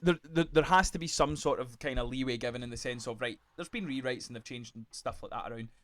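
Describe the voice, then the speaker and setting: A podcast host argues his side in a casual chat, interrupting and restarting his sentences often. He talks fast in a medium-pitched, somewhat bright voice.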